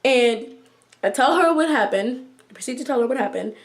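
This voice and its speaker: A young woman vlogger recounts a school drama to her viewers in a casual, chatty storytime. Her voice sits slightly high, and she acts out what everyone said with lively asides. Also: brisk, background noise. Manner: chatty, animated retelling with acted-out quotes. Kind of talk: storytime vlog.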